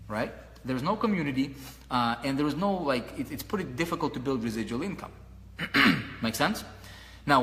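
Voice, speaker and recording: A man giving a motivational marketing talk to an audience, animated, asking the listeners questions and repeating his points while pacing around. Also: medium pitch, big-room sound. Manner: paces around while talking. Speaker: online marketing mentor.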